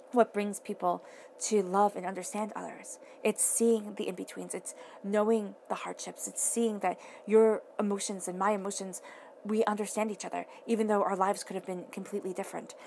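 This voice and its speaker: Over slight background noise, a tarot reader speaks in a creaky, darkish, medium-pitched voice. She delivers a casual reading straight to the listener, earnest and emphatic, repeating her phrases again and again.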